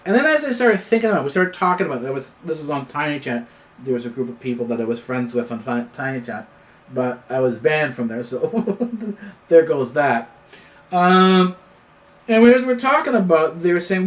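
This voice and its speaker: A man's voice: on the high side, moderate pace. A man hosting his own news commentary show, talking off the cuff with many fillers and restarts. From Canada. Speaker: host of an independent news commentary channel. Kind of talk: unscripted political commentary monologue.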